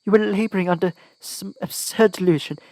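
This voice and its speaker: A man's voice: high voice, fairly even intonation, a little fast, a little mellow, no echo, voice pushed up. A man voicing a frightened but spirited teenage girl in a storybook, breathless and pleading, then defiant.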